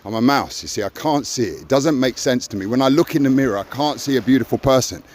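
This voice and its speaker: A man's voice: mid-range voice, animated, quick pace, darkish tone, slight background noise. An older man talking earnestly in a raw personal conversation, stressing points with "you see". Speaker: podcast co-host.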